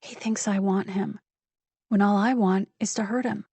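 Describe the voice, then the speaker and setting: A woman reading a first-person psychological thriller audiobook in a measured, intimate storytelling manner on a close studio mic. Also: mid-range voice, steady tone, dark tone, husky, no echo. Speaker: audiobook narrator.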